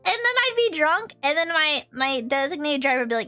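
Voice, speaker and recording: A woman's voice: high-pitched, brisk, few pauses, soft background music. A young adult woman streaming, chatting casually and telling stories with lots of laughter. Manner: animated storytelling, frequent laughter. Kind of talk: casual chat.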